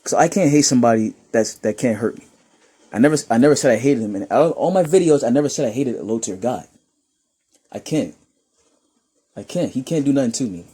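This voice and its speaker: Young dude from new york roasting comments, laughs a lot, kinda husky. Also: male voice, medium pitch, brisk, long pauses. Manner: laughing, mocking, animated rants. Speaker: YouTuber reading comments. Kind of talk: casual commentary reading comments.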